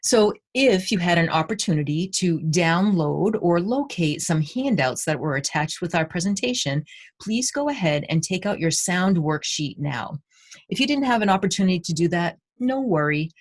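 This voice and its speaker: A woman's voice: fairly low pitch, expressive, normal speed, husky. A woman literacy educator giving a recorded conference presentation, explaining and guiding listeners through speech-sound exercises.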